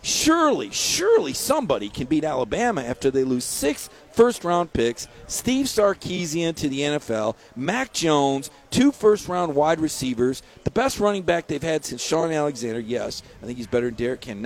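A man as a guest on a sports radio show, talking in emphatic, rapid-fire rants with repeated words. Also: a little high, very animated. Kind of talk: phone-in sports radio interview.

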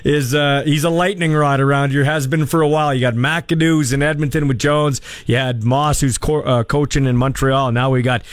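A man's voice: medium pitch, steady tone, normal speed, hardly any pauses, no room sound. A man hosting a sports radio show, chatting casually with callers and rambling with fillers. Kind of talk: casual call-in radio talk. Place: radio studio.

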